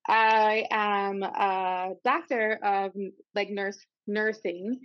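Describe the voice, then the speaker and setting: A woman from the Virgin Islands, a midwife, chatting as a podcast guest in an excited, animated way. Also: medium pitch, extremely slow, no echo, highs cut off. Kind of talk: casual podcast chat.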